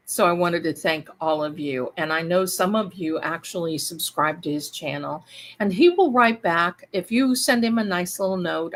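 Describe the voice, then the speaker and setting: A woman's voice: medium pitch, fairly bright tone. A woman hosting a casual livestream, chatting and rambling to her viewers. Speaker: live-stream host.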